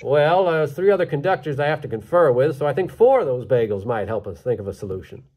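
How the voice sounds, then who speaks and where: A man voicing a gruff male train conductor, speaking slowly and deadpan. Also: a little high.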